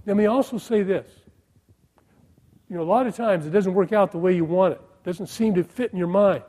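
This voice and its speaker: A middle-aged male pastor with a fairly high, mellow voice. He preaches in a sermon style, firing rhetorical questions at his listeners and swinging from loud, stressed phrases to soft, hushed ones. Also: fairly quick, poor audio.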